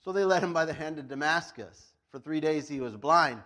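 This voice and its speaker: Brief: male pastor, high voice, casual storytelling sermon, laughs often. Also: lively intonation, fairly quick, sharp tone. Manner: chatty, laughs often, lots of "like".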